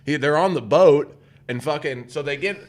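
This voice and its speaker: A man's voice: fairly high pitch, normal speed. A man co-hosting a morning talk show, retelling a story in a rambling, profane manner. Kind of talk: casual chat.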